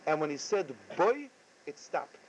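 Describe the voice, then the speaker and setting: A man giving a Torah lecture, halting and often repeating his words. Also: a little high, lively intonation, a little mellow, slight background noise. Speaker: rabbi. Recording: dull lo-fi recording.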